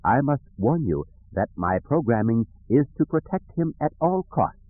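A man voicing a sweet, grandmotherly female nanny droid who speaks calmly and primly, on a dry, tinny, phone-like recording. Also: mid-range voice, normal speed, no room sound, voice pushed up. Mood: calm, firm. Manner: calm, prim emphasis.

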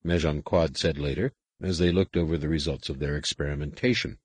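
A man narrating a science fiction audiobook in a measured, even storytelling manner. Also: rumbling low, slightly rough. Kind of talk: scripted narration.

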